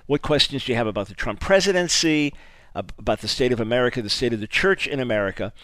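A man's voice: medium pitch, quick pace, no room sound. Emphatic male radio talk host, dry studio sound. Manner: emphatic and animated, stressing key words. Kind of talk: radio talk show monologue. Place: radio studio, audio only.

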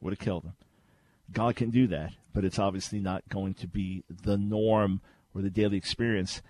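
Radio host, male, animated storyteller who repeats his points for emphasis. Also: deep voice, normal speed, no echo. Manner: lively storyteller who repeats key phrases. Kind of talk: call-in radio teaching.

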